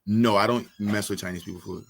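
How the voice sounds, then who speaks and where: A man's voice: fairly low pitch, steady tone, fast, creaky, slight background noise. A man from Brooklyn, hosting a casual comedic chat full of jokes and slang. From Brooklyn, New York. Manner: joking, laughing, loose slang. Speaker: host.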